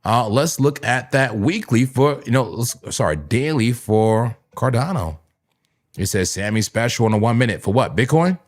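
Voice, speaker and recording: A man's voice: mid-range voice, moderate pace. A man hosting a live crypto trading stream, talking through charts in a loose, chuckling way and slipping into a mock preacher's call-and-response. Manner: animated, preachy mock-sermon bursts with chuckles. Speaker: crypto trading livestream host.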